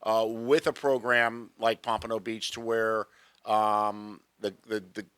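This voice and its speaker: Chatty, bright-voiced male sports interviewer. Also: on the low side, flat delivery, clear, resonant tone, dry recording. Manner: chatty and joking, lots of quick follow-ups. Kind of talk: casual interview at a media day event.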